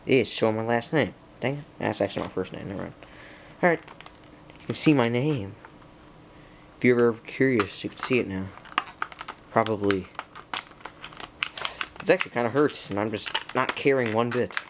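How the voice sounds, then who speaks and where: A man's voice: mid-range voice, normal speed, creaky, long pauses, slight background noise. Rambling young guy unboxing a computer. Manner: rambling, talks to himself and the computer, easily frustrated. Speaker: tech vlogger. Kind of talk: casual unboxing commentary.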